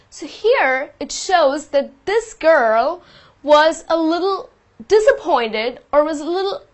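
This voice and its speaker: Female teacher, higher voice, patient and explanatory, lesson delivery. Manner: patient, explains with example sentences. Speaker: English teacher.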